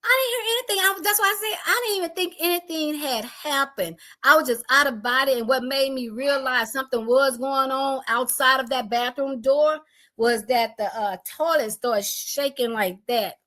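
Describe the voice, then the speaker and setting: Woman, middle-aged, animated storyteller, acts out family voices, slightly high voice. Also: moderate pace. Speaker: homeowner telling her storm story. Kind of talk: emotional personal storytelling.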